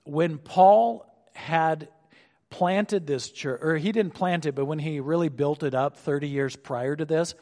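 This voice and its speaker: Heard through long hall reverb, a man preaches an expository sermon with a somewhat mellow tone. He slows for emphasis and drops low whenever he goes off on an aside.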